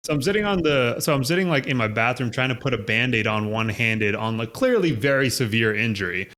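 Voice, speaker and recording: A man's voice: quick pace, a little hiss or hum. A man co-hosting a podcast in casual chat, telling a story and acting out what people said. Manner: expressive, acts out quotes in a higher voice. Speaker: podcast co-host.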